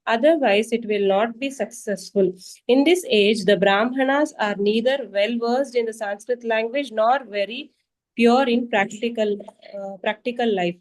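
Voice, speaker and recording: A woman's voice: on the high side, measured pace. A woman reading a commentary aloud in an online class, careful, with small slips and restarts. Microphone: video call.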